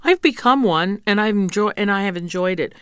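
A woman's voice: mid-range voice, expressive, brisk, a bit bright, smooth, no room sound, studio quality. A woman opera singer as an interview guest, frank and teasing as she coaches pronunciation. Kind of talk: casual interview.

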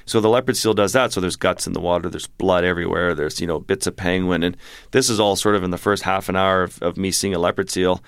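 A man's voice: low-pitched, fast, smooth, no echo, studio quality. A man, a wildlife photographer, telling a vivid adventure story as a guest in an interview. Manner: vivid, animated storytelling with restarts.

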